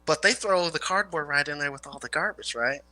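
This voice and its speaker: Twangy Midwestern man, sharp bright voice. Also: fairly high pitch, fairly quick, low-quality recording. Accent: rural Midwestern country twang. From Illinois/Indiana area. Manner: rambling storyteller, swears freely. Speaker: guest, former garbage man. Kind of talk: casual chat.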